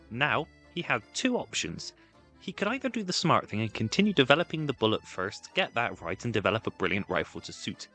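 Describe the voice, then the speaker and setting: A man narrates history from a script, dropping wry, sarcastic jokes along the way. His voice sits on the low side but sounds bright and forceful, with faint music underneath. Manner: wry, jokey, sarcastic asides.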